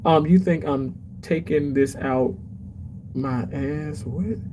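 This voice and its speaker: A man's voice: fairly high pitch, slow, mellow, slight background noise, rough recording. A man hosting a casual livestream, chatty and emotional as he reads comments aloud. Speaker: livestream host reading chat.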